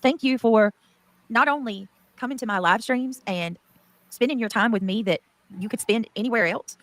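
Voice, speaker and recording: A woman's voice: fairly high pitch, normal speed, no echo. A woman livestreamer reading viewer comments aloud and thanking members.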